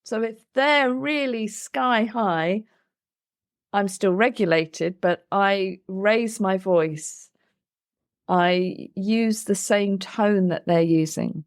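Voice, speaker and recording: A woman's voice: medium pitch, extremely slow, no room sound, studio quality. A woman, a play therapist co-hosting a podcast, explaining her approach in an earnest, thoughtful conversation. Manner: earnest, explains with acted examples of what she says to children.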